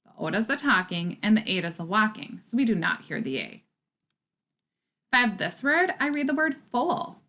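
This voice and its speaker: Woman, teacher, phonics lesson, animated pitch, clear and encouraging. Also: fairly quick.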